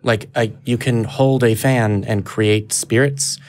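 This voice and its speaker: A man co-hosting a podcast, riffing in a quick, playful way. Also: medium pitch, fairly even intonation. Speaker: podcast co-host. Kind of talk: casual panel discussion.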